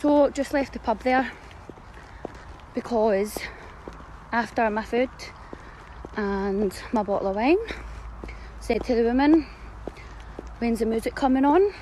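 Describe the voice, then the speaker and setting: A woman's voice: on the high side, takes it slowly, long pauses, mellow, a little hiss or hum, low-quality recording. A woman with a Scottish accent telling cheeky, sweary stories in a chatty way. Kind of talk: casual storytelling to camera.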